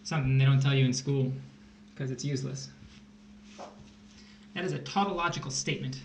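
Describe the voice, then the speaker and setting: A man's voice: medium pitch, brisk. A man tutoring test prep on a casual livestream, joking and rambling as he explains math. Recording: echoey room, faint hiss.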